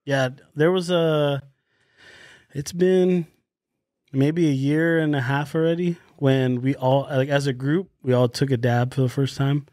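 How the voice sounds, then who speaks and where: A man's voice: mid-range voice, a little slow, no echo, studio quality. A young man on a podcast, telling a wild story with lots of swearing and laughing along the way. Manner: animated storyteller, swears freely, laughs through his story. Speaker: podcast co-host. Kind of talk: casual podcast chat.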